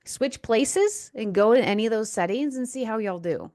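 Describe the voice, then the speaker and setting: A woman hosting a podcast, herself an interpreter, talking in a relaxed conversational way. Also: a little high, moderate pace. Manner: relaxed, conversational, frequent agreeing backchannels.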